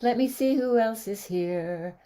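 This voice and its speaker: A woman's voice: fairly high pitch, a little slow. A woman hosting an online sing-along show, cheerfully greeting viewers by name. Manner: cheerful, animated greeter listing names. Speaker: host. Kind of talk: warm online greetings, casual chat.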